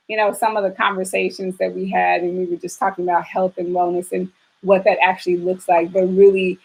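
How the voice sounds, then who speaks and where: A woman fitness trainer chatting casually on a live stream, answering viewers and filling pauses with "you know" and "um". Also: mid-range voice, breathy edge. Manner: chatty, reads and answers viewer comments, frequent fillers.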